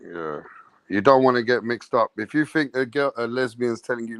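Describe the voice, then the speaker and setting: A man's voice: mid-range voice, normal speed, clear, resonant tone, no echo. A man hosting a late-night podcast, telling a crude, swaggering story with laughter. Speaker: host.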